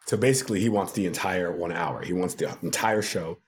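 A man's voice: sits low, fairly quick, a little hiss or hum. A man, a TV producer, telling a story with lots of laughter and acted-out quotes as a podcast guest. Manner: acts out quoted voices, laughs often. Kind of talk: animated storytelling.

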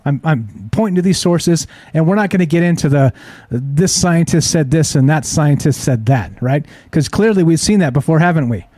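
A man's voice: fairly high pitch, animated, normal speed, darkish tone, no room sound. A man hosting a live-streamed talk show, talking skeptically and rhetorically and checking in with his audience all the time. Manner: skeptical, rhetorical, keeps asking the audience "right?". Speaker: host.

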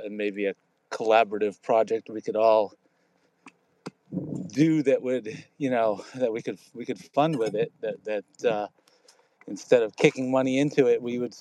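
Guy chiming in on a group chat, halting, lots of ums, dry sound. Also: medium pitch, fairly even intonation, a little mellow, no echo. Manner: hesitant, many fillers and restarts.

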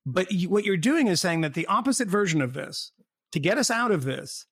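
A man's voice: high voice, expressive, fairly quick, fairly bright tone, breathy edge, dry recording, studio quality. A man in casual political chat, rambling and sardonic, often breaking into laughter.

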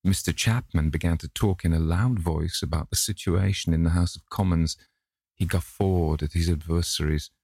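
A man narrating a classic novel in a measured, even storytelling manner. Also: sits low, husky, no echo. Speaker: audiobook narrator. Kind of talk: scripted narration.

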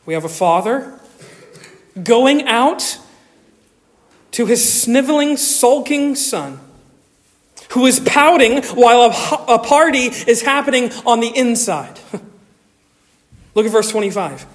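A man pastor preaching a sermon, expressive, moving between loud emphasis and quiet asides. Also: very high voice, takes it slowly, pauses often, in a large hall. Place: church sanctuary.

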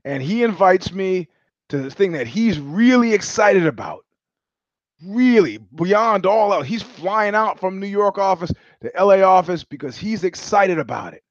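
A man's voice: sits high, lively intonation, measured pace, no room sound. A man hosting his own show, telling stories in a sardonic, profane monologue. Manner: sardonic, profane, mimics others in anecdotes. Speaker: show host. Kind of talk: monologue storytelling. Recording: dry, slightly dull lo-fi audio.

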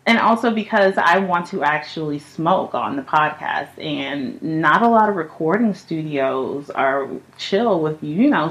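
A woman's voice: on the low side, low-quality recording. Profane, laughing young woman podcaster. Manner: profane, laughing, animated storytelling. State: high on cannabis. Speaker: podcast host. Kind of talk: casual chat. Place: home apartment.

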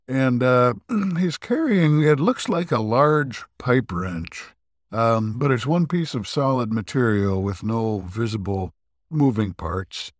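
A man co-hosting a podcast, casually retelling an old episode with many ums and throat clears. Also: medium pitch, animated, takes it slowly, no room sound, clean studio sound. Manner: rambling, filler-heavy retelling with frequent throat clearing. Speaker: podcast co-host. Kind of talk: casual recap discussion.

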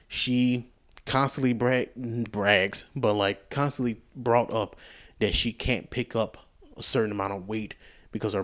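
A man hosting a casual solo podcast, telling a rambling, profane story with frequent restarts. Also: mid-range voice. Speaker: podcast host.

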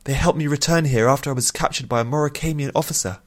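A man's voice: mid-range voice, fast talker, pitched above the performer's own voice, close to an everyday voice. A man reading an audiobook and voicing an earnest young princess who talks in an urgent, pleading, apologetic way. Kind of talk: audiobook character voice.

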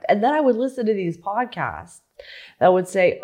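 Woman, business coach, solo podcast monologue, animated, frequent restarts. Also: mid-range voice, normal speed. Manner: animated, acts out her own past questions; restarts and repeats words often.

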